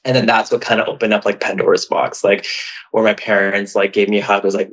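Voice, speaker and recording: A man from Canada with a lowish voice tells a personal story. He is chatty and emotional and keeps saying "like". The sound is dull and lo-fi. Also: little pitch movement, brisk, fairly bright tone, husky. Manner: chatty, heavy use of "like", emotional and open. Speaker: podcast guest. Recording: dull, lo-fi audio.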